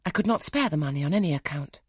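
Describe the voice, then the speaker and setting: A man's voice: fairly high pitch, animated, husky, no echo, studio quality. A man reading as a reserved young governess. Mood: quietly firm. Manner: polite, measured, soft-spoken. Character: young woman governess, reserved, quietly firm. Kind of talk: audiobook character reading.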